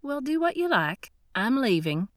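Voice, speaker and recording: A pushy, sharp-tongued woman who talks in curt, demanding bursts, as a woman reader puts her on. The voice sits noticeably higher and brighter than the reader's own, recorded dry and close. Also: big pitch swings, a little slow, no echo. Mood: snappish.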